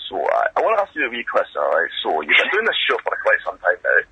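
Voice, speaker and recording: A man's voice: deep voice, wildly swooping pitch, fast talker, bright, forceful tone, a little hiss or hum, heavily acted. A man putting on a Scottish accent as a chatty caller on a phone line, matey and rambling. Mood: chummy. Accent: put-on Scottish. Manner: matey, rambling, asks leading questions.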